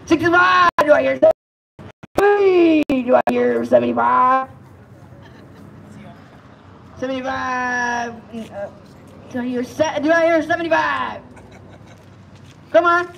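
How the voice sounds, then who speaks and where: A man's voice: very high-pitched, slow, creaky, long pauses, fairly bright tone, a little hiss or hum, rough recording. A man calling bids at a live auction, coaxing and pleading with the crowd and repeating each price. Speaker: amateur auctioneer.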